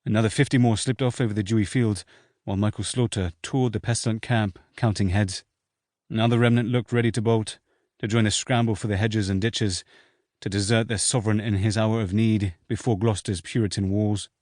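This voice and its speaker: A man with a fairly low voice narrating an audiobook in a steady, measured read. The recording is dry and close, with no room sound. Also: no echo. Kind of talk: scripted narration.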